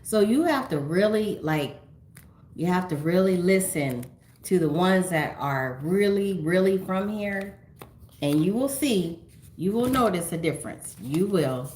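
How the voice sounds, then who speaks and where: A woman's voice: low voice, moderate pace, a little mellow, reverberant, slight background noise. A middle-aged woman from California hosting a casual livestream on her phone, chatting and reading viewer comments aloud with frequent laughs. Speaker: livestream host.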